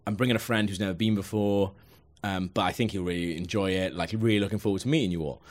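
A man, a podcast host, telling an animated story in casual chat, swearing and laughing often. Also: low-pitched, quick pace.

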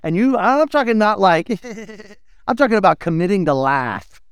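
A man, preaching a sermon in an animated, playful storytelling way. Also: high voice, normal speed, clean tone, dry recording, clean studio sound. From United States. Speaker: pastor.

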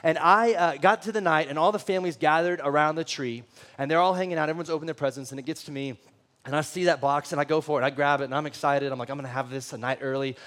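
Guy preaching, kinda high voice, chatty and jokey, talks right at the crowd. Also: quick pace, fairly bright tone. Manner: conversational and joking, talks straight to the congregation. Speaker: pastor. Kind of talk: sermon with personal storytelling.

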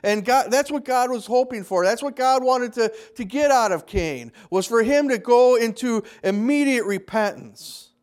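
A man preaches a Sunday sermon. He talks in a loose, conversational way and slips into quick acted-out voices for the people in his stories. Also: very high-pitched, animated. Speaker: pastor.

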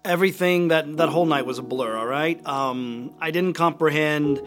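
An actor playing the apostle Peter, a remorseful grown man telling his story in a halting, conversational way. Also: a little high, fairly bright tone, natural voice. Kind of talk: dramatized monologue video. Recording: music playing underneath.

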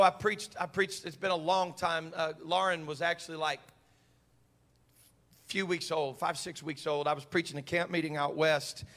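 A male preacher delivering an impassioned sermon, repeating phrases for emphasis and building from soft talk to shouting. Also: sits high, big-room sound.

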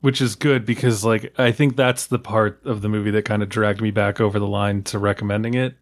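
A man on a film podcast giving his relaxed take on a movie, full of "like" fillers. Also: fairly low pitch, fairly quick. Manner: relaxed, filler-heavy with lots of "like". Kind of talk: casual film discussion.

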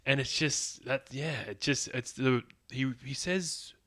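A man's voice: medium pitch, a little slow, pushed and bright. A man co-hosting a podcast, chatty and amused in casual conversation. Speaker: podcast co-host. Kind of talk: casual chat.

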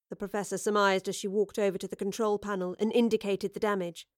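A woman narrating an audiobook drama in a measured storytelling manner. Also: mid-range voice, little pitch movement, a little mellow, dry recording, clean studio sound.

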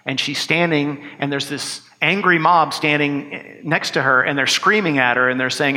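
A man's voice: on the high side, moderate pace, sharp tone. Earnest preacher man in a reverberant hall. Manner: earnest, conversational preaching with wry asides. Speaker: pastor. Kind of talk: sermon.

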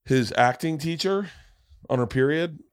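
A man hosting a podcast, telling a long story in casual, animated chat with lots of swearing and restarts. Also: a little high, a little slow, no room sound, studio quality. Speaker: podcast host, comedian.

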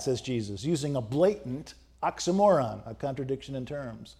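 A man's voice: mid-range voice, lively intonation, normal speed, few pauses, mellow, slightly rough. A man preaching a sermon, emphatic and rhetorical, asking the congregation questions. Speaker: pastor.

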